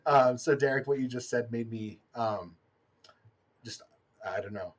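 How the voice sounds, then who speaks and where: A young man hosting a casual chat, giggly and hesitant, with many pauses and ums. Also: medium pitch. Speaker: host.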